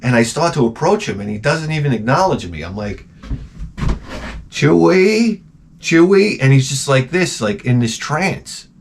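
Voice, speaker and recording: A middle-aged man hosting a casual show, telling rambling, profane stories and jumping into loud, high-pitched exclamations when he quotes himself. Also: lively intonation, brisk, few pauses, slight background noise. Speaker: host. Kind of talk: casual storytelling rant.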